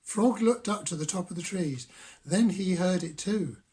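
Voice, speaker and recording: An older man reading a children's picture book aloud as a grandfather, gentle and unhurried. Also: high voice, breathy edge. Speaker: grandfather storyteller.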